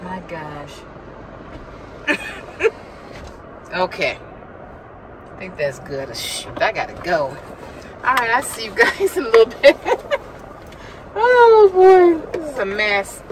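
A woman's voice: on the low side, animated, a little slow, long pauses, background noise. A woman vlogger talking to her viewers while she drives, chatty and laughing, sometimes out of breath. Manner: chatty, laughs often, talks to herself. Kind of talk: casual chat while driving. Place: inside a car.

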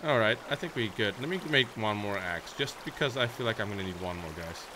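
Playful young gaming commentator, noisy mic. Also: male voice, on the low side, expressive, brisk. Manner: playful, chatty, talks to viewers as "guys"; bursts into shrieks and baby talk at his horse. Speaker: gaming YouTuber. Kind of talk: Minecraft let's play commentary.

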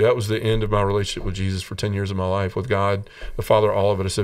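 A man's voice: lowish voice, level tone, rapid-fire, clean tone, recorded from a distance. A man from Tennessee, a podcast guest, telling his personal story in an earnest and emotional way. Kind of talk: personal testimony in an interview.

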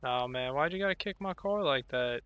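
A man's voice: mid-range voice, lively intonation, brisk, a bit bright, clean tone, dry recording. A man streaming a roleplay game and teasing other players over voice chat with provocative banter.

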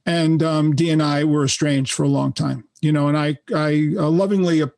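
A man's voice: a little high, steady tone, normal speed, vocal fry, a little mellow, no room sound. A man in his sixties with a New York accent, a guest musician telling brash, profane stories in a casual interview. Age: 60s.

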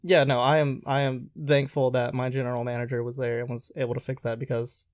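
A young male podcast host, medium-pitched and speaking a little fast, chats casually and animatedly as he retells stories from his restaurant job, acting out the lines people said. The recording is studio quality with no room sound.

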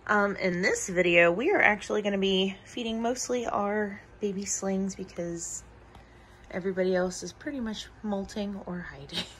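A woman's voice: medium pitch, a bit bright, slight background noise. A woman hosting a casual vlog about her pet tarantulas, chatty and gushing as she talks to her spiders, with trailing fillers. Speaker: tarantula keeper vlogger.

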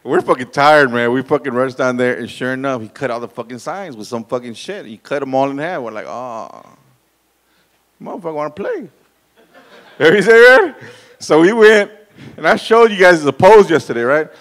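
A man's voice: medium pitch, moderate pace, fairly bright tone. A man telling a profane, rambling story to a live audience at an event, repeating words and laughing at his own tale. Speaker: guest speaker at a real estate event.

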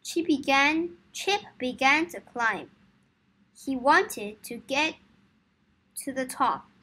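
A woman reading a children's story aloud for English learners, slow, clear and careful. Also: high voice, animated, sharp tone.

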